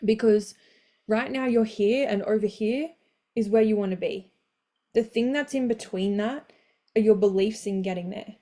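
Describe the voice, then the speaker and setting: A woman coach hosting a live motivational session, energetic and blunt, swearing casually and cheering her listeners on. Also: medium pitch, moderate pace.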